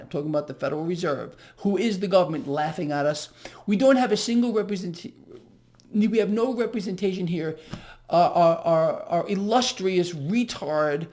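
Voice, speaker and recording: A man's voice: high voice, darkish tone. A man hosting a solo market commentary, ranting in an agitated, sarcastic, mocking way.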